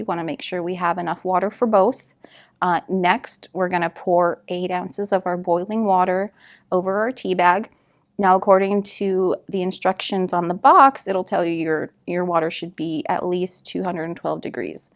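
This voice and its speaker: A woman working as a community food associate, giving a relaxed step-by-step drink-making demonstration with frequent fillers. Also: lowish voice, normal speed. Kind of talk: cooking demonstration.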